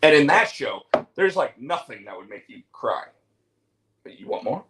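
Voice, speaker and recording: A man's voice: medium pitch, very animated, normal speed, noisy background. A man hosting a casual talk show, telling stories with lots of fillers and restarts. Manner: rambling storyteller, many fillers and restarts. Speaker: show host. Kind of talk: casual chat.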